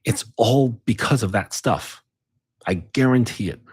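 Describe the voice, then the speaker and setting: Husky-voiced male dating coach. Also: medium pitch, a little slow, darkish tone, no echo. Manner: insistent, repeats tag questions. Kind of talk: casual advice monologue.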